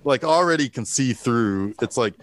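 A man's voice: mid-range voice, expressive, moderate pace. A man co-hosting a casual movie talk, retelling scenes with energy, quoting lines in voices and laughing. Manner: swears casually. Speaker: podcast co-host.

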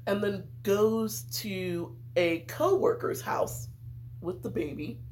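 A woman's voice: medium pitch, slow pace, darkish tone, a little hiss or hum. A woman telling a true crime story in casual podcast chat, with lots of "like" and "um". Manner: chatty, sprinkles "like" and "um".

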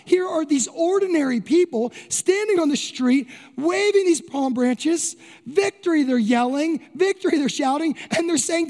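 A man preaches with animated energy, acting out crowd voices and firing rhetorical questions at his congregation. His voice sits very high for a man. The sound rings with the long reverb of a church hall. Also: moderate pace. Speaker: pastor. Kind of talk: sermon.

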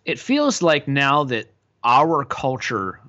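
A man's voice: mid-range voice, sing-song, slow, sharp tone. Joking man on dull lo-fi audio. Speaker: podcast co-host. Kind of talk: casual chat.

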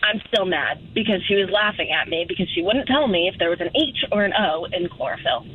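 A woman calling into a radio show, telling an animated story and laughing. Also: fairly low pitch, fairly quick, breathy edge, phone-quality sound. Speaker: caller.

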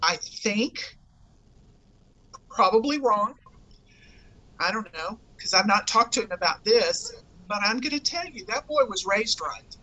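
A woman's voice: mid-range voice, animated, unhurried, long pauses, bright, forceful tone, low-quality recording. A woman, chatting on a podcast as a guest, emphatic and repeating her points in a folksy way. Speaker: guest, fan group admin. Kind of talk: casual podcast chat.

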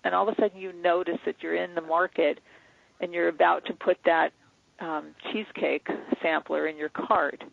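A man's voice: on the high side, little pitch movement, moderate pace, gravelly, no echo. A man being interviewed as an author, explaining in an earnest, teaching way over a phone line. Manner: earnest, teaching, acts out inner dialogues. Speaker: author and guest. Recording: dry tinny phone line.

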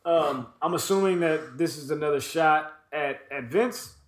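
A man's voice: fairly high pitch, unhurried, echoey room, heavy background noise. A man co-hosting a podcast, recapping wrestling in a loose, profane, rambling way with lots of fillers. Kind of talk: casual chat.

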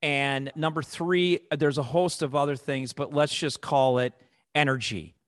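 A man with a Chicago accent hosting a finance podcast, making his points in an animated, rhetorical way. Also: on the high side, measured pace, dry recording, clean studio sound. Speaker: podcast host. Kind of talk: opinionated finance podcast talk.

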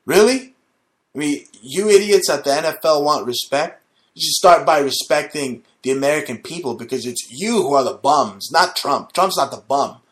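A man's voice: a little high, expressive, moderate pace. A man hosting his own show, delivering a combative, profane, mocking rant. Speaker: show host. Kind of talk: ranting monologue.

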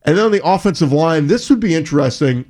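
A man's voice: a little high, lively intonation, fast, darkish tone. A man co-hosting a sports talk show, reading a report and talking through player options. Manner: conversational, reads reports then lists players. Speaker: sports talk radio co-host.

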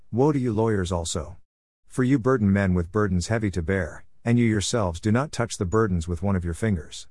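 A man reading the Bible aloud in a measured, phrase-by-phrase way. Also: on the low side, a little mellow, dry recording, clean studio sound. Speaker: scripture reader.

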